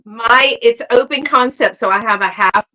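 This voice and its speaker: Bright animated woman storyteller. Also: fairly high pitch, normal speed, poor audio. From Southern United States. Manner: animated, acts out quotes, laughs often. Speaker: live sale host. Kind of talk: casual storytelling chat.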